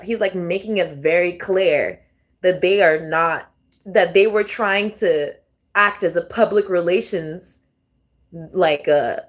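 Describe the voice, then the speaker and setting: Profane, animated woman reading tarot. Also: mid-range voice. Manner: profane, animated, laughs often, talks straight to viewers. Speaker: tarot reader. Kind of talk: casual tarot reading vlog.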